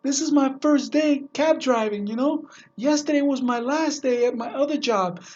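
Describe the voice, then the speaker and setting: A man voicing a rattled male cab driver who talks loud and apologetic. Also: very high-pitched, moderate pace, muffled recording, voice pushed up. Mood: shaken, apologetic.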